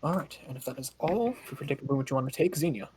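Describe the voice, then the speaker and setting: A man running a tabletop game as game master, briskly reading out rules, his voice starting to give out. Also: mid-range voice, lively intonation, darkish tone, slight background noise. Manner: brisk, reads rules aloud. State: voice giving out.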